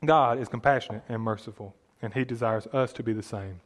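A man's voice: mid-range voice, a little fast. A man preaching a sermon, earnest and emphatic, reading scripture aloud and explaining it plainly.

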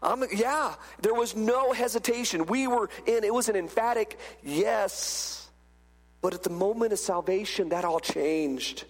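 A man's voice: high-pitched, normal speed, few pauses, long reverb tail. A man preaching a sermon as pastor, emphatic and full of rhetorical questions.

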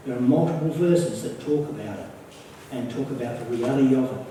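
An Australian man delivers a sermon in an earnest, unhurried way, doubling back on key phrases to drive them home. His voice is mellow and dark, picked up from some distance off. The large room around him rings with heavy echo and a faint hum of ambience. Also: mid-range voice. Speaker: preacher. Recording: echoey, from far off the mic.

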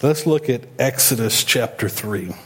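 A man's voice: medium pitch, lively intonation, measured pace, a bit bright, breathy edge. A man preaching a sermon in a conversational way, retelling the story and acting out the speakers he quotes. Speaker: pastor.

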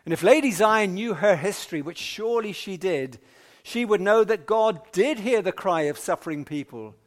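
A man preaching an evening sermon in a measured, emphatic way with long pauses. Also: high-pitched, lively intonation.

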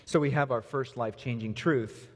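A man pastor preaching a sermon in a church, earnest, moving from soft low passages to lifted emphasis. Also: moderate pace, breathy edge. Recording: reverberant hall.

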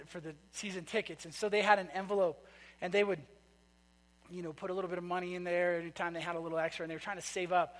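Preacher, male, high and bright voice, chatty storyteller who quizzes the congregation. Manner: conversational storytelling, asks the congregation questions. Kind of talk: sermon. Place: church sanctuary. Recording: long reverb of a large hall.

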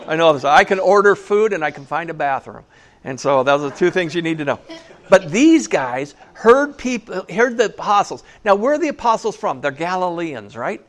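A man's voice: fairly high pitch, fairly bright tone. A man preaching a sermon in a church, conversational and jokey, often asking the congregation questions. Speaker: pastor.

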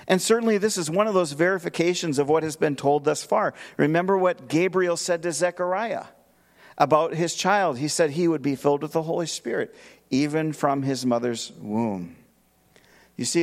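A man preaching a verse-by-verse expository sermon as pastor, emphatic and posing rhetorical questions to his listeners. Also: fairly high pitch.

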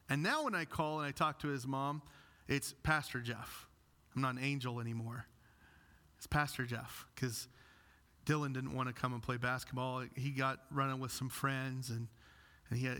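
A male pastor delivering a sermon with animated storytelling and wry, self-deprecating humor. His voice sits a little high and sounds bright.

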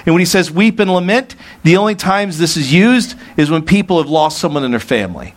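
A man's voice: a little high, lively intonation, a little fast, few pauses. Earnest preaching man. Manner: earnest preaching with rhetorical questions. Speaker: pastor. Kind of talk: sermon.

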